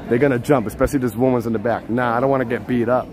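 Chatting in a live street vlog, a man from Puerto Rico strolls through the city at night on a handheld phone, joking with viewers and yelling names loudly now and then. He speaks very fast in a mid-range voice with fairly even intonation, over a crowd and faint street and traffic noise.

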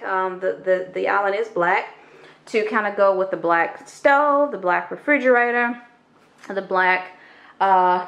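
A middle-aged woman, chatting animatedly and indignantly in a casual vlog from her home kitchen, recorded on a handheld camera. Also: fairly high pitch. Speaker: vlogger.

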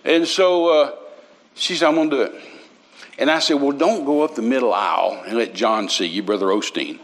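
A man's voice: mid-range voice, moderate pace. An older man, preaching a sermon through folksy, humorous stories with many restarts. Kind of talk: storytelling sermon.

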